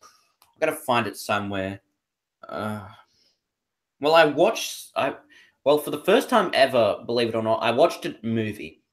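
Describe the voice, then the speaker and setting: A man's voice: mid-range voice, expressive, measured pace, pauses often. Rambling young Australian man. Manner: rambling, many fillers and restarts. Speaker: podcast co-host. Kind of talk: casual chat.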